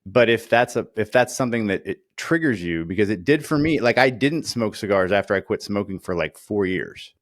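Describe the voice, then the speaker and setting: A man's voice: lowish voice, fairly quick, hardly any pauses, no room sound, studio quality. A man co-hosting a casual chat, telling stories with lots of fillers and acting out quoted voices. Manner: animated storyteller, acts out quoted voices. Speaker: podcast co-host.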